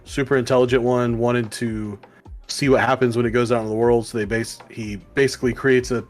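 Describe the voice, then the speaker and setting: A man's voice: mid-range voice, flat delivery, a little fast, soft background music. A man co-hosting a casual comic book review show, rambling with lots of fillers. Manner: rambling, many fillers, acts out quoted lines. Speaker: podcast co-host.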